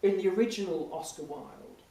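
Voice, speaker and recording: A man, an impressionist, telling lively anecdotes to an audience in a Q&A, often restarting mid-sentence. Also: sits high, moderate pace. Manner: animated, lively storytelling with frequent restarts and laughs. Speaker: impressionist speaking as guest. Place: large hall before an audience. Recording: echoey hall, mic from a distance, faint noise.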